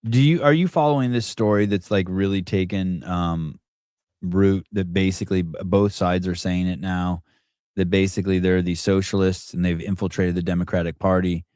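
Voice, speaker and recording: A man hosting a call-in podcast, talking in a pushy, animated way with some swearing. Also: sits low, normal speed, clear, resonant tone, no echo, clean studio sound. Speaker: podcast host. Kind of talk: casual call-in show chat.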